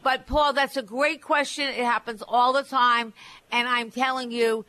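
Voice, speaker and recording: A woman's voice: on the high side, fairly even intonation, measured pace, sharp tone, no room sound. A middle-aged or older woman hosting a call-in real estate radio show, giving blunt, emphatic advice with many restarts.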